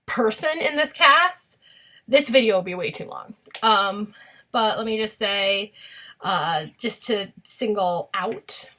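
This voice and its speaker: Young woman, casual vlogger, bright tone, gushing and filler-heavy. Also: mid-range voice. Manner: gushing, chatty, many fillers. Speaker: vlogger reviewing a musical. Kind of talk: casual chat.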